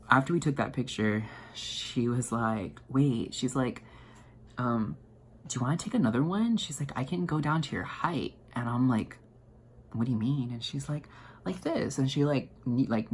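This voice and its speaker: A young man telling a story to his viewers in an excited, rambling way, full of fillers and restarts. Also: medium pitch, gravelly, slight background noise. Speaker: vlogger. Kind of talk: casual storytelling to camera.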